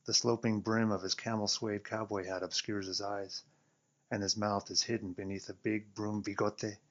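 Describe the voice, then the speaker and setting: Man, lowish voice, wry first-person story reader, muffled lo-fi recording. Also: fairly bright tone. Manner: wry, sardonic narration. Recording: dull lo-fi recording.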